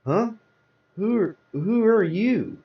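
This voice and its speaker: A man's voice: high voice, animated, slow pace, voice pushed up, exaggerated voice. A man reading aloud, voicing a young husband frantic with grief in a hospital, with pleading, panicked outbursts. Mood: bewildered. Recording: roomy, distant, dull sound.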